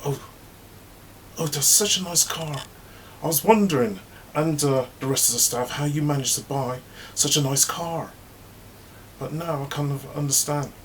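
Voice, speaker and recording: A man voicing a nosy, fake-sweet woman who gossips at the office, in a high sugary falsetto. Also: normal speed, long pauses, slight background noise, lightly acted. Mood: fake-sweet, prying. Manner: high sugary falsetto, drops to a whisper when bitching.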